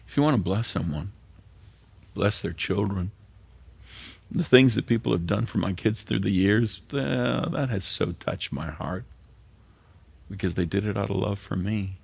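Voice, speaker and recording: A man's voice: on the low side, measured pace, vocal fry, pauses often, husky, no echo. An older man preaching a sermon as pastor, earnest and emotional, sometimes dropping to a whisper. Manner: earnest, emotional, drops to a whisper at tender moments.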